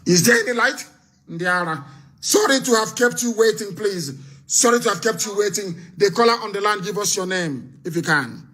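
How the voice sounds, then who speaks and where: A man hosts a live call-in broadcast. His voice sits high, with a bright, cutting edge. He drives his points home with forceful repetition. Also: expressive, normal speed. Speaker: host.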